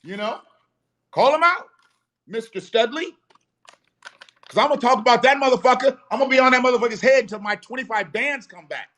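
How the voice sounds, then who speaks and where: A man's voice: extremely high pitch, brisk, fairly bright tone. Blunt, profane man ranting on a live stream. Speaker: host of a live show.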